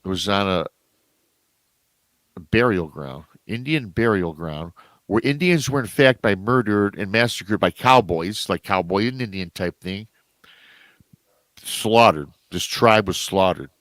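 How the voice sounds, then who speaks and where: A man telling a story as a podcast guest in a casual way, animated, jumping up in pitch whenever he acts out what others said. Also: measured pace, no echo. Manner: animated, acts out quoted voices with big pitch jumps.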